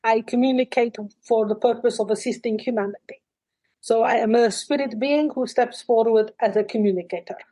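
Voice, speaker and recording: A woman channelling a calm, ancient spirit. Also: fairly high pitch, dry recording, lightly acted, low-quality recording. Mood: calm, measured. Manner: calm, measured, dryly wry. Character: ancient wise spirit speaking through a woman. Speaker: trance medium. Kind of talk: channelled trance talk.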